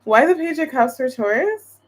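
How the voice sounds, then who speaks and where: A woman's voice: sits high, expressive, moderate pace. Chatty woman doing a tarot reading. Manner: chatty, thinks aloud, many restarts and fillers. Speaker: tarot reader. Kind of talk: casual tarot reading to viewers.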